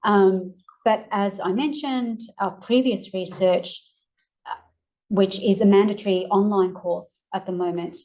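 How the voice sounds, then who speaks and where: A woman with an Australian accent presenting research findings in a measured way with frequent ums, her voice going hoarse. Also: mid-range voice, steady tone, a little mellow, low-quality recording. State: losing her voice. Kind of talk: academic presentation.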